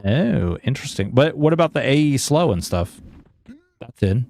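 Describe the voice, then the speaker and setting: A man's voice: medium pitch, very animated, normal speed, vocal fry, darkish tone. A man streaming a game in casual chat, reading viewer messages aloud and talking freely with lots of fillers.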